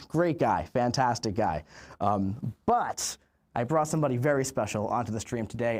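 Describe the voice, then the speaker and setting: A man in his thirties hosting an official game livestream with hyped, chatty energy and drawn-out emphasis. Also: a little high. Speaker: livestream host.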